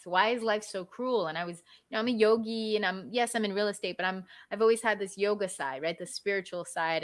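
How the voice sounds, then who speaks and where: A woman speaks as a guest in a casual interview, her voice sitting a little low. She tells her story in an animated way and keeps checking in with "right?". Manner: animated, often adds "right?".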